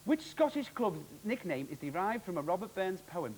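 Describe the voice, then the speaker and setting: A man hosting a televised quiz, with upbeat, jokey, quick quizmaster delivery. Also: sits high, sing-song, darkish tone, a little hiss or hum, poor audio. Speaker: quiz show host.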